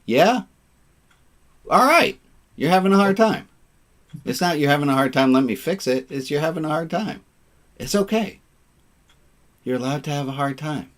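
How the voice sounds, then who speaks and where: A man leading an online service as rabbi, casual and playful, fond of puns, on a video call. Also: fairly low pitch.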